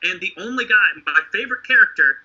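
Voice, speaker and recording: Bright, high-voiced man in casual chat. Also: fast, breathy edge, dull audio. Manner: profane, animated, mocking. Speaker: podcast co-host.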